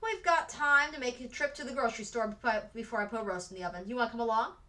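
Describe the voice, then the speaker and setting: A woman's voice: a little high, quick pace, sharp tone, distant mic. A woman reading aloud, voicing a teasing grandmother who holds back a story.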